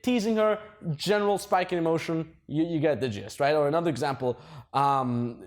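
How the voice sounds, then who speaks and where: A man giving casual dating advice, swearing a lot and laughing at his own stories. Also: medium pitch. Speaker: dating coach.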